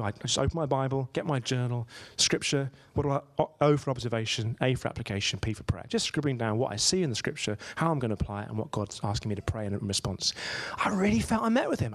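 A man giving a conversational sermon, telling stories and asking his listeners rhetorical questions. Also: a little high. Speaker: preacher.

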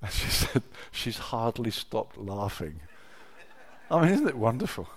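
A middle-aged man preaching a sermon, telling personal stories with emotion, dropping to a hush and then rising to loud exclamations. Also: medium pitch, big pitch swings, unhurried, breathy edge. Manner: emotional, swings from hushed storytelling to loud exclamation.

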